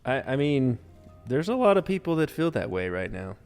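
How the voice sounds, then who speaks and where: Male podcast co-host, mid pitch, playful and jokey, quiet music behind. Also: very animated, moderate pace, big-room sound. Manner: joking, playful, laughs easily. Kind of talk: casual banter.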